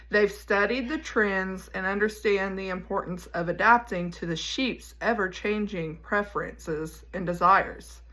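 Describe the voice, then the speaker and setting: A woman's voice: mid-range voice, a bit bright. Woman reading a pointed devotional. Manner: measured, emphatic, pointed delivery. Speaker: devotional podcast host. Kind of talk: reading a devotional aloud, then casual reflection.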